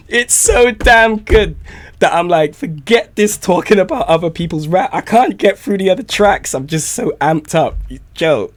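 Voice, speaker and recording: A man reacting to community music on a live stream, hyped and excitable, often shouting his praise. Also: medium pitch.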